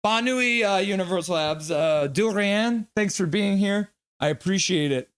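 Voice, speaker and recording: A young man hosting a live hockey reaction stream, chatting casually, reading chat aloud and whooping with excitement. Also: high voice, normal speed, smooth.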